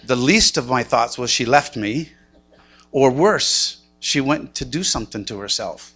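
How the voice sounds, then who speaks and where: A man's voice: mid-range voice, animated, a little slow, fairly bright tone, slightly rough. A man in his sixties preaching a sermon, telling a personal story with self-mocking humor and acted-out inner thoughts. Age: 60s. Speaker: pastor.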